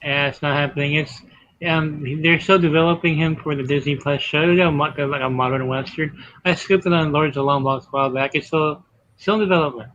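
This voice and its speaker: A man's voice: fairly high pitch, steady tone, fairly quick, a bit bright, muffled recording. A man giving brief, matter-of-fact answers as a guest on a casual live stream. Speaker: guest giving entertainment news.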